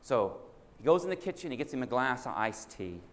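In an echoey hall with faint hiss, a man preaches a sermon framed as a folksy story, acting out the voices of a child and a father. His medium-pitched voice is very animated and fairly quick.

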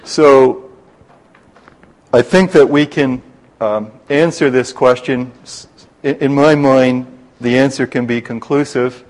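A man leading a Bible study class, explaining scripture in a measured way and slowing down to spell out terms and quotes. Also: medium pitch, fairly even intonation, poor audio.

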